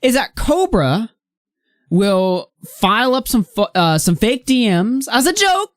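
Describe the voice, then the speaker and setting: A woman's voice: on the high side, sing-song, measured pace, dry recording, studio quality. Blunt, profane young woman ranting on stream. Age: late teens. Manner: ranting, blunt and profane, reads posts aloud. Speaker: host of a live commentary stream. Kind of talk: live online commentary.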